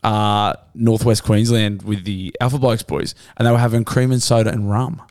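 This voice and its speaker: A man's voice: on the low side, little pitch movement, moderate pace, darkish tone, dry recording. A young Australian man co-hosting a podcast in casual, sweary chat, joking and cracking up as he reads out a news story. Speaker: podcast co-host.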